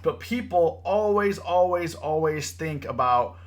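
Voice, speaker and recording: On his livestream about trading, a young male host speaks casually but gets worked up and preachy, lecturing with lots of repetition and sprinkling in "bro" and "you know." He's on the high side and talks a little slowly.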